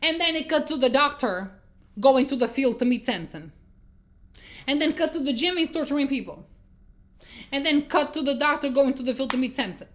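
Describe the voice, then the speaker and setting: A woman giving a casual movie review, exasperated and swearing as she retells scenes. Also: sits high. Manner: exasperated, swearing, animated storytelling.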